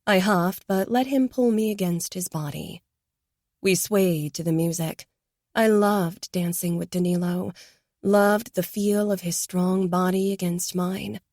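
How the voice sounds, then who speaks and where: Soft-voiced woman narrating a romance audiobook. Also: on the low side, fairly even intonation, unhurried, dry recording, studio quality. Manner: soft, intimate, hushed at times.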